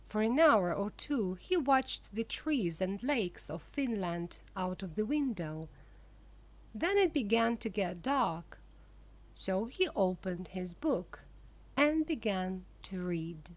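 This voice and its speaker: Slow, clear woman reading an audiobook. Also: medium pitch. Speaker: narrator. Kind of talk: graded-reader audiobook narration.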